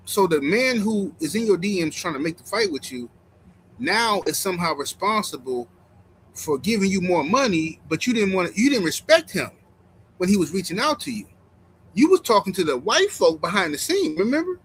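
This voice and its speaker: A man's voice: high-pitched, very animated, moderate pace, a bit bright, a little hiss or hum, low-quality recording. A man hosting a boxing reaction stream, talking bluntly and mockingly straight to his viewers. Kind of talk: casual live-stream commentary.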